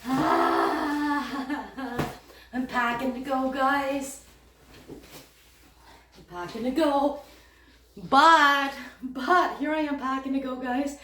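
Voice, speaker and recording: High bright-voiced excitable woman. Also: slow. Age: 50s. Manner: excitable, repeats phrases, gasps and squeals. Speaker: vlogger. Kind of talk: casual unboxing chat. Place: home room, packing. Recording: echoey room, faint noise.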